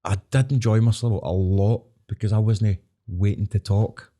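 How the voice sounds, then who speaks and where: A man's voice: on the low side, fairly even intonation, normal speed, dark tone. A middle-aged Scottish man hosting a podcast, telling stories in a blunt, sweary, casual way. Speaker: podcast host. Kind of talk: casual chat.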